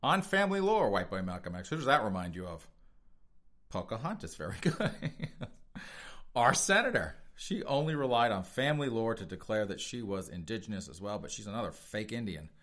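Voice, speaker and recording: A man's voice: fairly low pitch, lively intonation, fairly quick, fairly bright tone. A man hosting a podcast of opinion commentary, sarcastic and mocking, often laughing and talking straight to his listeners. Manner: talks straight to listeners as folks. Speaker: podcast host.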